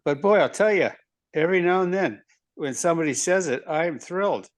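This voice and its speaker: An older man speaking up in a group video call with a somewhat high voice. He talks in an emphatic, wry and plain-spoken way. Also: expressive, brisk. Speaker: course participant, longtime lawyer. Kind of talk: casual group share.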